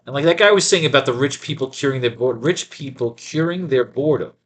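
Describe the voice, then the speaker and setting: A man, a comic book writer, reads an old cartoon aloud and riffs on it, talking in a loose, profane, animated way. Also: medium pitch, fast talker. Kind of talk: reading a cartoon aloud and riffing.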